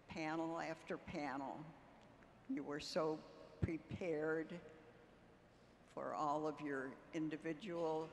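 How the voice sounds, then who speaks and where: Slow, halting woman in an echoey hall. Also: low-pitched, a little hiss or hum. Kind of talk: onstage interview answer. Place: stage at a fan convention. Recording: echoey hall, faint ambience.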